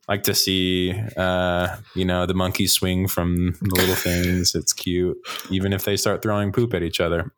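A man's voice: sits low, little pitch movement, normal speed, hardly any pauses. A man on a casual podcast panel, chatting in a rambling, self-interrupting way and laughing often. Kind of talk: casual chat.

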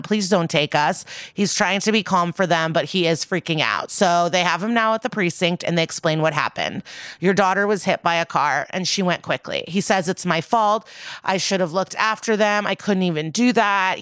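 A young woman with a slightly low voice chats her way through a TV recap, peppering it with swearing and quoted dialogue. The sound is close and dry, with no room around it. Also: dry recording. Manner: swears casually, retells scenes with quoted dialogue. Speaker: podcast co-host. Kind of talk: casual recap chat.

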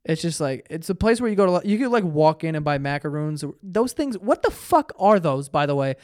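A young man in his twenties hosts a solo podcast and rambles through his stories, swearing often and breaking off mid-sentence. He sounds tired. His voice is a little high, smooth and clear, recorded dry and close. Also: big pitch swings, fairly quick, darkish tone, no room sound. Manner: rambling, profane, self-interrupting storytelling. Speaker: podcast host. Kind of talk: solo casual podcast monologue.

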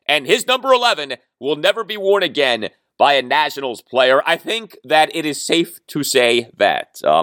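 A male sports podcast host with a bright, lively voice that jumps around in pitch. He delivers a solo monologue with emphasis and dry, sardonic asides, recorded close and dry with no room sound. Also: dry recording.

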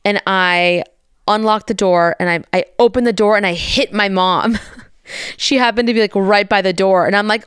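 A woman's voice: mid-range voice, moderate pace, clear, resonant tone, no echo. Chatty woman telling a story close to the mic. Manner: chatty, animated retelling with swearing and quoted voices. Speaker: mother telling a story to followers. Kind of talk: casual storytelling vlog.

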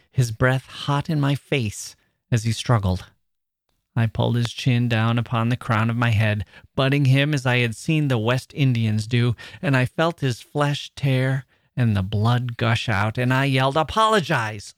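Man giving a measured dramatic novel reading. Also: medium pitch, no echo, studio quality. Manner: measured, expressive first-person storytelling. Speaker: reader.

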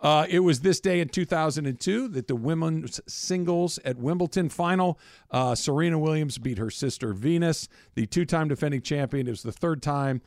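A man's voice: fairly high pitch, moderate pace, a little mellow, no room sound, studio quality. A man hosting a sports talk radio show, chatting casually and reading out daily trivia. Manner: chatty, reads daily trivia, rambles with restarts.

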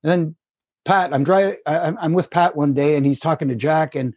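A man's voice: a little high, moderate pace, dry recording, highs cut off. A middle-aged man, a former wrestling referee telling rambling anecdotes as a guest. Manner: rambling, animated anecdotes with acted quotes. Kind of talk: casual storytelling.

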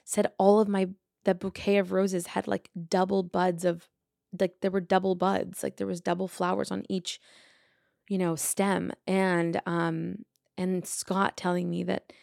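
A woman in her thirties talks through a casual personal update in a chatty, rambling way, full of fillers. Her voice has a gravelly fry at the ends of phrases. She is recorded close and dry. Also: medium pitch, level tone, unhurried, a little mellow, no echo. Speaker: podcast host.

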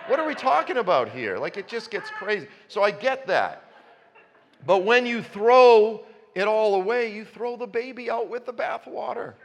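A man's voice: high-pitched, measured pace, gravelly, dull audio, a little hiss or hum. A man preaching a sermon, conversational at first and building to passionate emphasis. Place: church. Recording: long reverb in a church hall.

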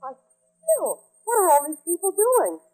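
An actress playing an exasperated, scolding wife in a 1940s radio sitcom. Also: female voice, extremely high pitch, very animated, measured pace, dark tone, heavily acted, rough recording. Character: exasperated scolding wife, young adult woman.

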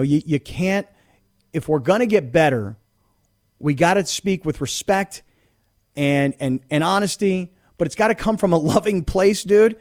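A male sports radio host in his studio, giving an opinionated monologue. His voice sits a bit high and swings widely, and he repeats himself as he pushes each point home. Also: a little mellow. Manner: emphatic, repeats words when worked up.

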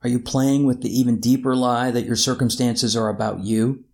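A man's voice: mid-range voice, little pitch movement, normal speed, creaky, darkish tone. A man preaching a reflective sermon and asking his listeners rhetorical questions.

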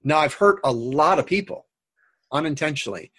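A middle-aged man speaks as a guest coach on a radio talk show, with a husky voice. He talks earnestly and rambles with lots of fillers. The recording is dry and close. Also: on the high side, expressive, fairly quick, a bit bright, dry recording. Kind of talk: casual interview chat.

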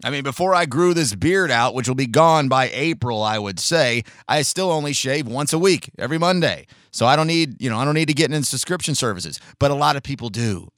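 A man's voice: medium pitch, animated, no echo, clean studio sound. A man giving a blunt, sarcastic opinion monologue, swearing casually and restarting phrases as he talks. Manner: halting restarts, mocks others with shouted put-on outrage. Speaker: commentator.

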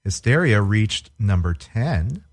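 A man in his forties co-hosts a casual podcast in a fairly low voice. He is dry and teasing, likes to quiz his partner, and tends to stumble and restart his words. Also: very animated, slow pace. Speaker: podcast co-host. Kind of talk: casual chat.

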